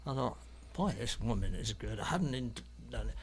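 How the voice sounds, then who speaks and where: A man's voice: medium pitch, lively intonation, moderate pace, husky. An English man from London, an artist guest in an interview, telling stories in a rambling, hesitant way with many ums and restarts. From London, England. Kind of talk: anecdotal storytelling in an interview.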